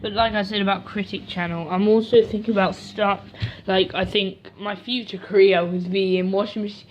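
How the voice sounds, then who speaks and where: A woman's voice: medium pitch, steady tone, moderate pace, a little hiss or hum. Rambling young woman on a lo-fi home video. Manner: rambling, self-correcting, chatty asides. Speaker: vlogger. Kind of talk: casual rambling chat. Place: home, by a washing machine. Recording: dull lo-fi home recording.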